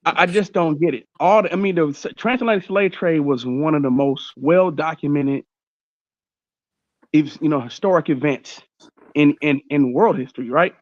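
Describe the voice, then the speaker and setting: Man, animated host on an online panel, fairly high voice, dull dry call audio. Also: moderate pace, no echo. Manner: animated, argumentative. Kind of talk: casual panel chat.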